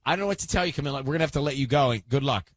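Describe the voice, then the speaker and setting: A man's voice: mid-range voice, animated, a bit bright, no room sound. A man hosting a radio show, bantering and teasing his co-hosts, often cutting in. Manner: teasing, quick to cut in. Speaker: radio host.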